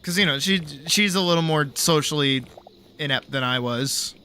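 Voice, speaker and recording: A man's voice: fairly high pitch, moderate pace, bright, forceful tone, clear, resonant tone. A young man streaming a game, telling a story in a rambling, laid-back way, swearing freely and saying "like" a lot. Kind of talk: casual storytelling while gaming.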